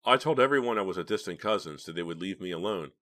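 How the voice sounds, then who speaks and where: A man's voice: sits low, animated, fast, a bit bright. Man voicing a guilt-ridden ailing old uncle. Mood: pleading. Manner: pleading, breaking into sobs. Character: ill older man, grieving guilty uncle.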